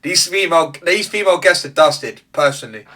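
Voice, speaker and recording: Slangy young man, bright voice. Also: on the high side, lively intonation, brisk. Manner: slangy and laid-back. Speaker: podcast co-host. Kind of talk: casual chat.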